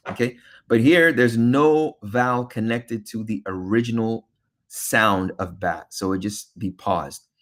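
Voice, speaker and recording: A man teaching a beginner lesson, patient, repeating each sound slowly and checking in with "okay?" often. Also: mid-range voice, fairly bright tone. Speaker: Arabic teacher.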